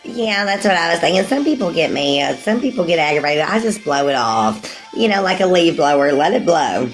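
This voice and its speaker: A woman's voice: fairly low pitch, very animated, normal speed, soft background music. Rambling woman in her forties. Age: 40s. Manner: rambling, calls viewers sweetie, laughs often. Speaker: livestreamer. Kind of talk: casual livestream chat with viewers.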